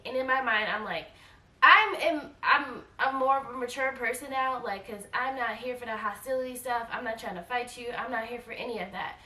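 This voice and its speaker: A woman in her forties telling a travel storytime in a casual, animated way, acting out quoted lines and repeating herself. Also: fairly high pitch, distant mic. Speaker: travel vlogger. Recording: echoey room, voice a bit off-mic.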